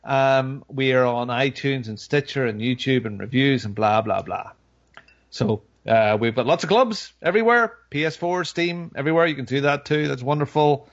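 A man's voice: mid-range voice, moderate pace. Jokey man hosting a podcast. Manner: jokey, rambling, laughs a lot. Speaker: podcast host. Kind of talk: casual podcast chat. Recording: dull lo-fi sound.

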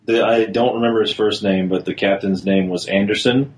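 A man's voice: fairly low pitch, steady tone, fairly quick, slight background noise. A man in casual podcast chat, answering quiz questions in a confident, knowledgeable way. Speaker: podcast co-host, quiz contestant.

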